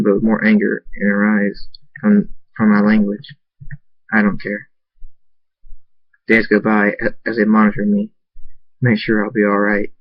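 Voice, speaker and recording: A man earnestly narrating a first-person fan story, halting and restarting at times. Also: on the low side, no room sound, muffled recording. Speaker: amateur story reader.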